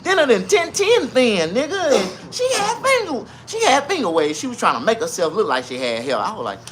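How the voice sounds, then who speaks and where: A man's voice: high voice, wildly swooping pitch, brisk, background noise. A man in his forties telling a crude, rambling comic story who often laughs at his own punchlines. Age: 40s.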